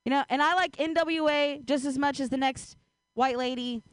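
Woman, stand-up comic, high voice, chatty, self-mocking, lots of fillers. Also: fairly even intonation, normal speed, no echo. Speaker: stand-up comedian. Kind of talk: stand-up set. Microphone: handheld stage mic.

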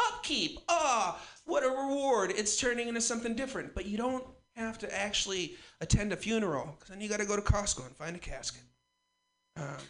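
A man's voice: sits high, a bit bright. A man in his twenties doing a rambling, profane, self-mocking stand-up routine. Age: 20s. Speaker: stand-up comedian.

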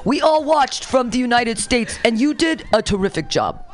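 A woman's voice: a little high, expressive, normal speed, faint music behind, voice pushed up, lightly acted. A woman doing a blustering, boastful president. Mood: mock-gushing. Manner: exaggerated mock reading of a transcript. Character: blustering boastful male president reading a call.

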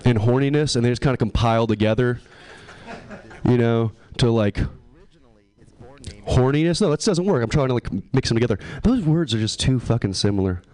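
A man's voice: mid-range voice, animated, fairly quick, darkish tone. A man in his twenties doing a stand-up set at an open mic. He swears a lot, mocks himself and rambles off into asides. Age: 20s. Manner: profane, self-deprecating, rambling asides. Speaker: stand-up comedian. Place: open mic comedy show.

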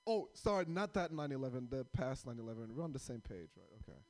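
Animated, rambling male stand-up comic. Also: medium pitch. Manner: rambling, self-deprecating, halting with fillers. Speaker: stand-up comedian. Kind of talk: stand-up comedy with crowd work.

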